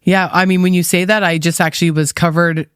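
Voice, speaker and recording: A woman's voice: on the low side, little pitch movement, a little fast, smooth, dry recording, studio quality. A middle-aged woman speaking as a podcast guest, earnest and openly emotional, with many fillers as she talks. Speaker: podcast guest, mindset coach. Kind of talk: candid interview conversation.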